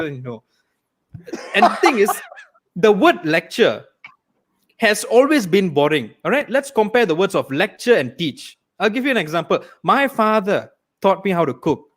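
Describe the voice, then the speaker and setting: High-voiced man ranting a stand-up set. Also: a little slow. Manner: deadpan rants with mock-angry asides. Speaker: stand-up comedian.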